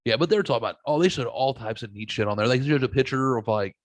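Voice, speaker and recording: A man's voice: medium pitch, fast talker, dry recording. A man hosting a podcast, telling stories in casual chat and swearing freely. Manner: animated storytelling, swears freely. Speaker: podcast host.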